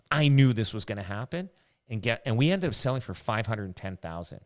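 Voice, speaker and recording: A man's voice: mid-range voice, lively intonation, a little fast. A man, a realtor hosting a casual podcast chat, telling rambling anecdotes.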